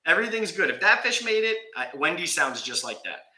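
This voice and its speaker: A man telling a story in a casual vlog, animated with exasperated humor. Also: high-pitched, brisk. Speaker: aquarium YouTuber. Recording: echoey room.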